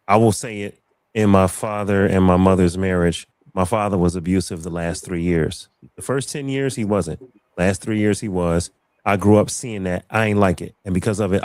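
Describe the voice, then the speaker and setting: A man's voice: deep voice, darkish tone, dry recording, clean studio sound. A man hosting a casual live talk show, telling a personal story with animation and repeating phrases for emphasis. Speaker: livestream show host. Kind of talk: casual chat.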